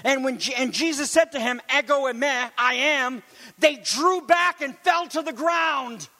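A pastor with a very high voice preaches at a measured pace, his sermon lively and swelling into shouts on key phrases. Between points he slips into conversational asides to the congregation, and the long reverb of a church hall rings around him.

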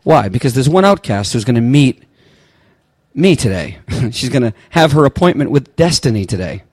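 A man preaching a sermon as pastor, telling stories and swinging from quiet, low passages to impassioned, near-shouted ones. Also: sing-song, normal speed, no room sound.

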